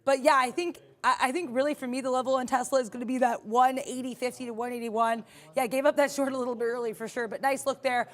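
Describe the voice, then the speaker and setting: A woman's voice: high voice, fairly even intonation, fast, hardly any pauses. A woman co-hosting a live trading stream, upbeat and chatty, often laughing as she talks through her trades. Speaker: day trader co-host.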